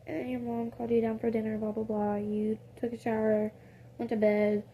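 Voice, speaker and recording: A woman's voice: on the high side, little pitch movement, a little fast, dark tone, slight background noise. A woman improvising a casual second-person story, rambling with many fillers and corrections of herself.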